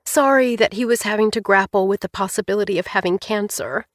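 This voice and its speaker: Brief: female audiobook narrator, first person, mid-pitched, even and clear, dry close-miked sound. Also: a little fast, dry recording.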